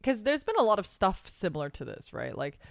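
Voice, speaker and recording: A woman co-hosting a casual anime podcast, making relaxed, thoughtful comments. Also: medium pitch, fairly quick, creaky, no room sound, studio quality. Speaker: podcast co-host. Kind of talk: casual anime review chat.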